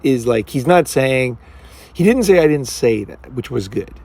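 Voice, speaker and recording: A man's voice: mid-range voice, expressive, normal speed, darkish tone. A man giving casual, rambling commentary as a dating coach. He talks bluntly, swears freely and keeps asking "right?".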